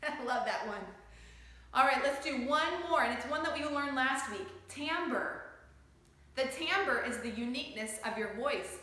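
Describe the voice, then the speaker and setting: Upbeat music teacher lady, high bright voice, super echoey room. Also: unhurried. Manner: animated, encouraging, sings and chants along. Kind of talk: children's music lesson.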